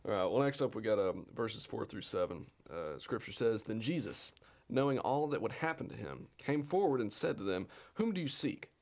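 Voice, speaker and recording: A young man with a low voice that swings widely in pitch, trading wry jokes on a casual Bible podcast. He reads scripture aloud and comments with a playful edge. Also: animated, moderate pace, darkish tone. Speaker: co-host.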